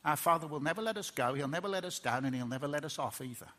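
A middle-aged man preaching a sermon in an earnest way, often restarting words and swinging from loud emphasis to hushed tones. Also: a little high, lively intonation, racing.

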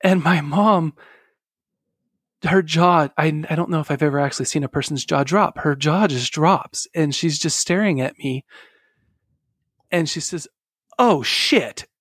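A middle-aged man, a guest on an interview, telling a personal story in an earnest, halting way with soft laughs. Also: a little high, no room sound, studio quality.

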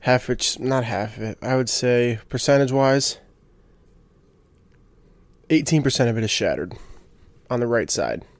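Young man, casual solo podcaster, rambling, fired-up delivery, dry close mic, mid pitch. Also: animated, normal speed, pauses often, dry recording. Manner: rambling, gets fired up, lots of restarts and fillers. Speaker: podcast host.

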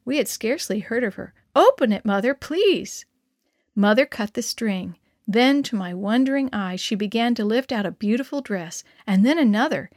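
A woman reading a story aloud for children, gently addressing young listeners as their storyteller. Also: a little high, normal speed, few pauses, no echo, studio quality.

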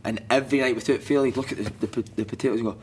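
A man's voice: mid-range voice, fairly even intonation, racing, a little mellow, slight background noise. A Scottish man, a former footballer, telling stories in casual chat, swearing freely and laughing through them. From Scotland. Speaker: podcast guest, former footballer.

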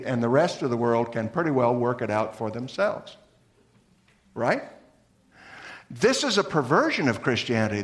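A man preaching a sermon as a pastor, earnest, moving between lively emphasis and soft, low appeals to his listeners.

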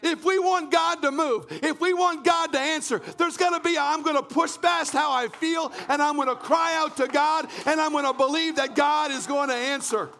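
A man from Canada preaching a fervent sermon, often shouting and repeating phrases in a church. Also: extremely high pitch, steady tone, normal speed, hardly any pauses. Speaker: pastor.

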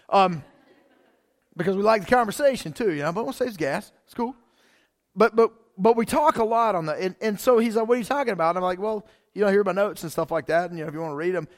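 A man with a high voice preaches a sermon as a pastor, speaking loosely and conversationally. He repeats himself often and leans on fillers like "man" and "like."

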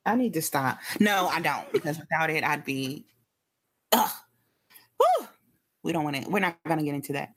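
A woman co-hosts a podcast in casual chat, blunt and quick with a joke. Her voice sits a little low but moves through a wide range. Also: big pitch swings, a bit bright. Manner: blunt, wisecracking. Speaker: podcast co-host.

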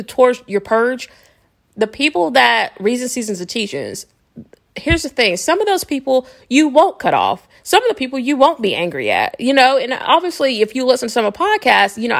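A woman's voice: fairly high pitch, gravelly. Chatty woman podcast host. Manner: chatty, rambling, often asks listeners "okay?"; laughs often while talking. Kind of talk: casual spiritual self-help talk.

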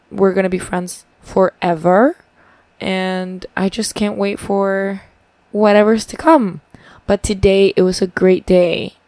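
A woman's voice: medium pitch, a little mellow, no echo. A young woman from Paraguay talking in a casual video diary, chatty and upbeat, swearing freely. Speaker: vlogger.

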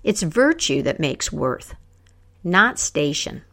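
Woman voicing a calm wise king. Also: low-pitched, slow pace, full character voice. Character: calm wise king, middle-aged man.

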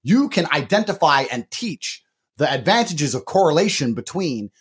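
Husky, lively boastful podcast man. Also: a little high, moderate pace. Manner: brash, bragging, swearing, hyped. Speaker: podcast co-host. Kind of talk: casual boastful podcast banter.

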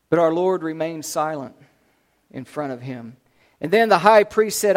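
A man preaching, retelling a scripture story dramatically, swinging between loud and hushed. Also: high-pitched, moderate pace.

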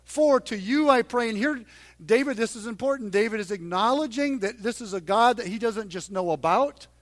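In church, a male pastor with a high voice preaches a sermon to his congregation. He is earnest and emphatic, getting louder on the points he wants to stress.

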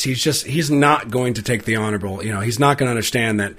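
A man's voice: mid-range voice, quick pace, a bit bright. A man co-hosting a casual political podcast, teasing and joking with his friend. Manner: joking, teasing, does comic impressions. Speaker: podcast co-host.

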